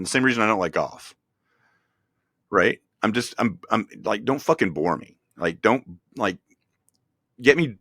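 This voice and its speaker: A man's voice: lowish voice, pushed and bright, dry recording, studio quality. A man co-hosting a casual chat, blunt and profane, chiming in with short reactions. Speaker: podcast co-host.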